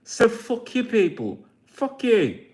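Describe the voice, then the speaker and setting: A man's voice: extremely high pitch, wildly swooping pitch, slow pace, darkish tone. A man in his forties, talking to camera in a blunt, mocking rant full of swearing. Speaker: vlogger.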